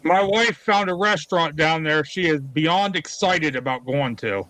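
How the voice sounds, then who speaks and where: A man talks plainly in a casual group call. His voice is high and bright. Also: normal speed, rough recording. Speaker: livestream guest.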